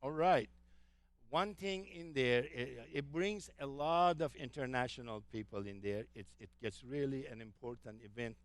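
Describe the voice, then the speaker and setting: A man's voice: mid-range voice, moderate pace, no room sound. A man giving an enthusiastic travel talk to a live audience, telling anecdotes with frequent fillers. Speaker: travel presenter.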